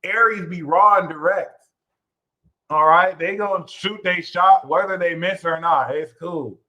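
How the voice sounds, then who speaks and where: A young man talks through a casual astrology reading in a fairly high voice. He mixes steady explanation with sudden loud, playful rants full of swearing. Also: a little slow, rough recording. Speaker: astrology reader.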